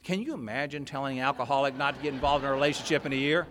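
A man telling a personal story to a convention audience, animated, swinging from loud, excited stretches to low, quiet asides. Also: very fast. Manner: animated storyteller, rising to near shouting, dropping low and quiet. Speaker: workshop speaker at a recovery convention. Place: large convention hall. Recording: long hall reverb.

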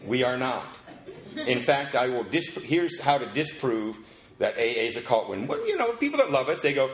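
A man tells a story at a meeting in a middle-pitched voice and acts out the people in it. The room around him is echoey, like a meeting hall. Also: normal speed. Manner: animated storyteller acting out the people in his story. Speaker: speaker sharing his story at a recovery meeting.

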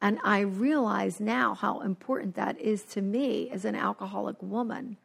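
Gravelly-voiced woman sharing her story. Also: medium pitch, moderate pace. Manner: animated storytelling, acting out quoted voices. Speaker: speaker sharing at a recovery meeting. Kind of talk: personal recovery share. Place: New Jersey.

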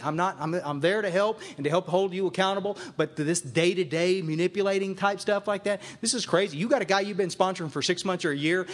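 A man speaking to a meeting audience as a recovery sponsor, emphatic and repeating phrases for emphasis. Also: sits high. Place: meeting room with a live audience.

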